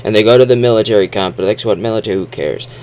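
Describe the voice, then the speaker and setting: A man's voice: fairly low pitch, fast, a little mellow, slight background noise. A man casually recapping a movie, rambling with sarcastic asides and self-deprecating remarks.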